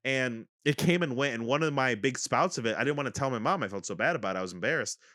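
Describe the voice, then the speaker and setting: A young man co-hosting a podcast in casual chat, swearing a lot and acting out quotes in loud bursts. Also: medium pitch, expressive, fast talker, no echo, clean studio sound. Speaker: podcast co-host.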